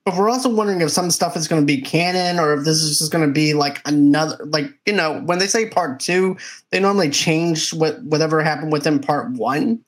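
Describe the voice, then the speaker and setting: A man's voice: fairly high pitch, brisk. A man chatting casually in a film review, rambling and restarting his sentences. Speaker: movie reviewer.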